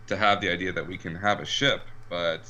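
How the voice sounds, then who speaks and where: A man with a Canadian accent chatting casually while gaming, halting and full of fillers. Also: deep voice, steady tone, sharp tone, muffled recording, slight background noise. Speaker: co-host.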